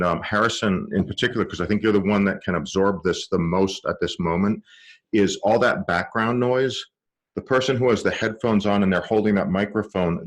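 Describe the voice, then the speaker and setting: A man teaching an online film class, explaining with live demonstrations and halting restarts, speaking into a directional microphone. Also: low-pitched. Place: room with a cluttered table.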